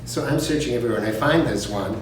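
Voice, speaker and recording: A man's voice: medium pitch, quick pace. Older man chatting in a roomy space. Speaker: interviewee, Broadway performer. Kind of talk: casual documentary conversation. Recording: roomy, distant, noisy room sound.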